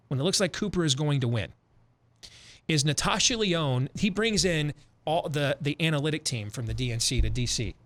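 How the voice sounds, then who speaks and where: Emphatic, animated male talk host. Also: fairly high pitch. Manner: emphatic, animated storytelling with repetitions. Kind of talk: opinionated radio talk.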